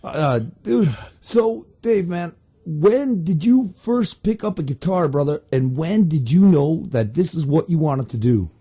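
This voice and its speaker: Easygoing metal radio host, unhurried, warm dark tone, slangy. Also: male voice, a little high, lively intonation, husky. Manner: laid-back, enthusiastic, slangy. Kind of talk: casual radio interview.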